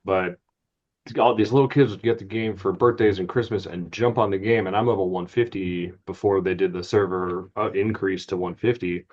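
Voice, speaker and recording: Profane laid-back man, low and muffled. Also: steady tone, moderate pace, a little mellow. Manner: loose and profane, laughs often. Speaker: podcast co-host. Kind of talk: casual chat. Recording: dull lo-fi sound.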